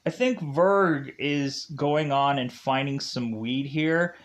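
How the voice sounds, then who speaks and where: A man's voice: mid-range voice, slow pace. A man casually recapping a film's plot in a rambling way, full of fillers and unsure of the names. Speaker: movie reviewer.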